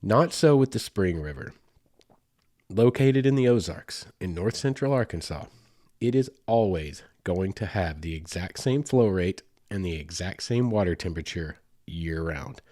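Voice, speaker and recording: A man's voice: low-pitched, animated, measured pace, mellow, no echo, clean studio sound. A man in his forties with a Southern US accent, hosting a podcast and telling a rambling, casual story full of asides. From Southern United States. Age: 40s. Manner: chatty and rambling, with asides and fillers. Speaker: podcast host.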